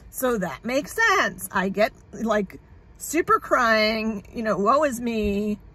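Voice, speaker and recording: Husky, sarcastic woman vlogging. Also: on the high side, a bit bright. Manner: sarcastic, swears freely; rambling, frazzled. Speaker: vlogger sharing her illness journey. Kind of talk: candid casual vlog.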